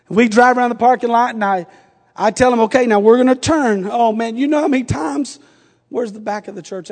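High-voiced preacher in a reverberant church. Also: male voice. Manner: humorous storytelling rising to fervent shouting. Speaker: pastor. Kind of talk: sermon with personal story. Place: church sanctuary. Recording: long reverb of a church sanctuary.

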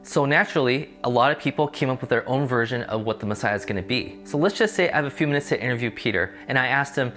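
A man leads a laid-back Bible lesson at a middle pitch, reading scripture and then breaking it down plainly. Soft music plays faintly behind him. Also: lively intonation, fast, hardly any pauses. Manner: conversational, explains context in plain terms. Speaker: Bible teacher. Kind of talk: casual Bible study lesson.

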